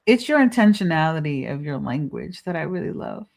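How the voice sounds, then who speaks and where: Brief: woman host, low voice, gentle probing questions, remote call. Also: big pitch swings, fairly quick, creaky. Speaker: podcast host. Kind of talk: reflective conversation. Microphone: remote video call.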